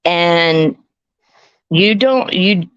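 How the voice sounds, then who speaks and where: A woman's voice: fairly low pitch, animated, extremely slow, smooth, dry recording. Blunt, profane Southern woman. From Texas, US. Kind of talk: live stream call-in rant. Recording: dull, lo-fi call audio.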